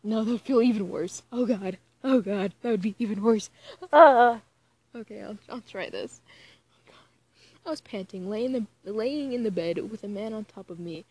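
A woman with a husky, slightly breathy voice reads a story aloud in a casual, offhand way. She keeps stopping to groan and complain before pushing on with the text. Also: mid-range voice, moderate pace, mellow, dry recording. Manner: groans and cringes between read passages. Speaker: reader of fan fiction aloud. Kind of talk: casual reading with exasperated asides.

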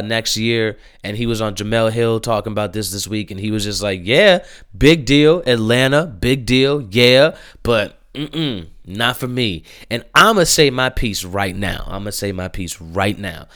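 Animated slangy man ranting. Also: mid-range voice. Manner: animated, slangy, repetitive exclamations. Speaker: commentary host. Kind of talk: casual opinion commentary.

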